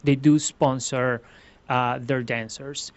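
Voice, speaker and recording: In a slightly muffled lo-fi recording, a man from Venezuela who teaches ballroom dance takes his time answering interview questions. His mid-range voice stays fairly even in intonation as he earnestly explains step by step, often restarting.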